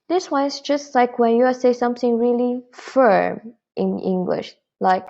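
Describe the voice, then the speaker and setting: A woman teaching a beginner Mandarin lesson, patiently and clearly demonstrating tones. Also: a little high, unhurried, hardly any pauses, lo-fi sound.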